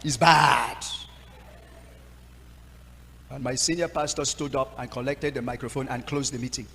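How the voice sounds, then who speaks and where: Impassioned Nigerian pastor in reverberant hall. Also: male voice, medium pitch, fairly even intonation, quick pace. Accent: Nigerian English. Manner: emotional storytelling, impassioned. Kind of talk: sermon. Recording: long hall reverb, faint noise.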